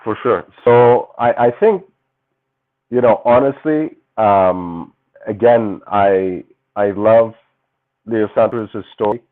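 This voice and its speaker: A man co-hosting a live boxing stream, speaking in a measured, hesitant way. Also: on the low side, narrow, tinny audio. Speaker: co-host. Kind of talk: casual live-stream chat.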